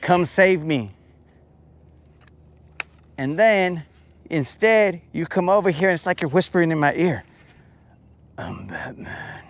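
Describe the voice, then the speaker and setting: A man hosting a fishing show from a boat out on a lake. He rambles and jokes in a slow, drawn-out way, and his voice sits fairly high for a man. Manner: joking, rambling, calls listeners bro. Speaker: fishing podcast host. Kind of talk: casual livestream rant.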